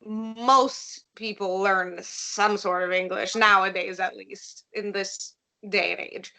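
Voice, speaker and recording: A woman's voice: medium pitch, steady tone, takes it slowly, vocal fry, pushed and bright, poor audio. A woman in her twenties from Russia with a Russian accent, a wrestler answering interview questions in an upbeat way and laughing easily. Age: 20s. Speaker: professional wrestler, guest.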